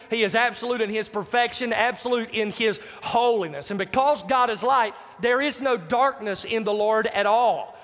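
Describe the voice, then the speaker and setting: A man's voice: high voice, a bit bright. A man preaching a sermon, emphatic, repeating key phrases and putting questions to the congregation. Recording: long hall reverb.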